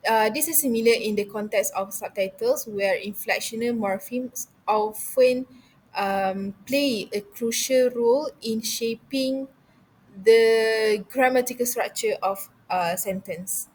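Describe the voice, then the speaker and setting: A woman's voice: on the high side, a little slow, slight background noise, rough recording. A young woman giving a university class presentation, reading through her points with frequent hesitations and restarts.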